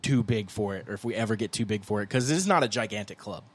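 A young man co-hosting a casual podcast, rambling in a laid-back way and breaking into loud goofy impressions. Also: on the low side, quick pace, slightly rough, no echo. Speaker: podcast co-host, guitarist. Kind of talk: casual chat.

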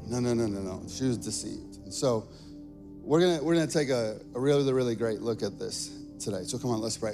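A young adult male pastor preaching a sermon from a church stage. He tells family stories in an animated way and keeps checking in with "okay?". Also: mid-range voice, fairly quick, over music. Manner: animated storytelling with frequent "okay?" asides.

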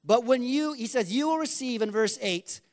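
A man's voice: very high-pitched, lively intonation, normal speed, darkish tone. A man preaching a conversational sermon, acting out little quoted exchanges and asking the congregation to respond. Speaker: pastor.

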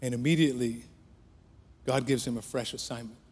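A pastor preaching a sermon with passion, his voice rising for prayers and dropping low for quiet points. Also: steady tone, fairly quick, slightly rough. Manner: impassioned preaching that swells then drops to a hush. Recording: long hall reverb.

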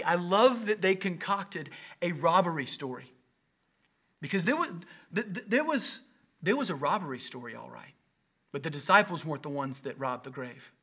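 This is a male preacher delivering an Easter sermon over a livestream. He repeats phrases for effect, one moment pushing hard and the next dropping almost to a hush. His voice sits a little high and sounds bright and forceful. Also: animated, moderate pace, breathy edge. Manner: impassioned, swinging from loud emphasis to near whisper. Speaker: pastor.

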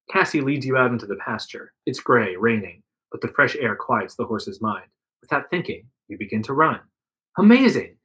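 A man reads a second-person adventure story aloud, giving the quoted lines a bit of extra life. His voice is bright and forward, with a middle pitch. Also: poor audio. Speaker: narrator reading an interactive story. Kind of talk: reading a second-person choose-your-path story aloud.

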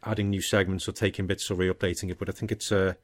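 A man co-hosting a casual film podcast, relaxed and rambling, thinking aloud with fillers. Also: sits low, fast talker, no echo, clean studio sound. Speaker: podcast co-host.

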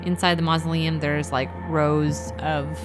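A woman playing a tabletop role-playing game. She describes scenes in detail and reacts with lively exasperation. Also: low voice, unhurried. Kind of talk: casual tabletop role-play narration. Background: music.

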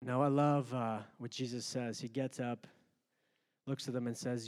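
A man preaching a sermon, moving between calm, quiet talk and loud, rising passages. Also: medium pitch, measured pace, long reverb tail. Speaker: pastor.

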